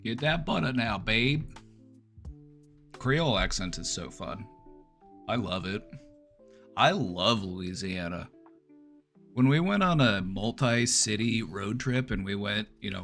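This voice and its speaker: A man's voice: lowish voice, fairly bright tone. A man hosting a casual chat stream, talking in an easygoing, rambling way with lots of fillers. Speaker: streamer host.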